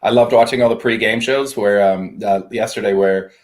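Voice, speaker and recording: A man co-hosting a casual chat, relaxed and joking, swearing now and then. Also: on the low side, brisk. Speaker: podcast co-host.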